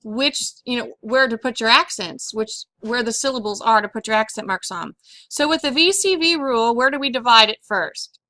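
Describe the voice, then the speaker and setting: A woman's voice: a little high, pushed and bright, no room sound. A woman teaching a phonics lesson on syllables and accents, patiently asking questions and repeating each word for her pupils.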